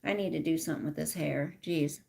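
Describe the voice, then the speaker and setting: A woman's voice: sits low, a little fast, vocal fry, darkish tone. A middle-aged woman casually chatting with viewers on a livestream, reading out their comments. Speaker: livestream host. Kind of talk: casual live chat with viewers.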